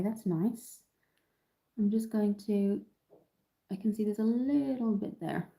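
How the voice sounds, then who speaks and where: A woman's voice: medium pitch, warm tone, rough recording. A woman from Dublin with an Irish accent, chatting through a live makeup tutorial and answering viewers, slightly nasal from an oncoming cold. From Ireland. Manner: chatty, reads out and answers viewer comments, many ums. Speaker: makeup livestream host.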